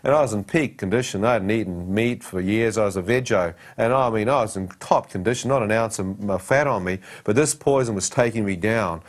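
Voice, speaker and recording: A man's voice: on the low side, brisk, hardly any pauses. A man giving a personal testimony, telling his story dramatically and acting out the dialogue and his own thoughts.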